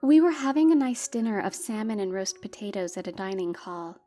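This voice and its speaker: A woman of middle pitch reads a personal story aloud in a wry, exasperated way, as scripted narration. Faint music plays softly underneath her voice. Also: lively intonation, brisk. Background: faint background music.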